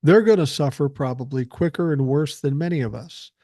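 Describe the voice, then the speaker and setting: A man's voice: fairly high pitch, fairly quick, mellow, dry recording. An older man hosting a podcast, delivering a blunt, profane and angry political monologue into a close mic. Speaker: podcast host.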